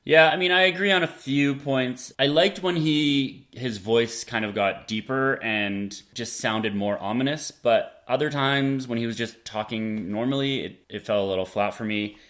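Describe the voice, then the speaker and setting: A man's voice: mid-range voice, normal speed, few pauses, a bit bright. A man co-hosting a podcast, agreeable and casual in a movie review chat. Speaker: podcast co-host.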